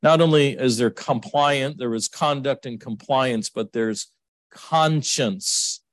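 Taking it slowly, a middle-aged male preacher gives a sermon that's emotional and rambling. His pitch swings suddenly up and down, he restarts frequently, and no room sound is audible.

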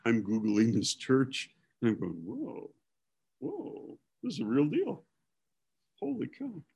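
Rambling, self-deprecating preacher. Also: male voice, medium pitch, vocal fry, a little mellow, husky. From Milwaukee. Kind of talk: casual storytelling sermon.

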